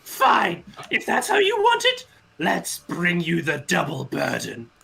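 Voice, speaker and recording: A man voicing a villainous male puzzle master who shouts his commands in a shrill voice. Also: wildly swooping pitch, slow pace, gravelly, a crowd in the background, exaggerated voice. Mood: taunting.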